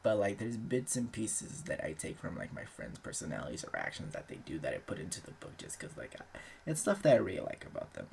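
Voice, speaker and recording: Deep gravelly young man rambling casually. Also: a little mellow, slight background noise. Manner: rambling and loose, heavy on filler words; swears casually. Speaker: aspiring author and channel host. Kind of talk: casual chat.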